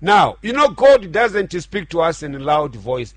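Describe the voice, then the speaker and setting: Middle-aged pastor, radio sermon, fairly high voice, slow, dry close sound. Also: male voice, very animated, fairly bright tone, no room sound. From Zambia. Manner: earnest preaching with repetitions and restarts.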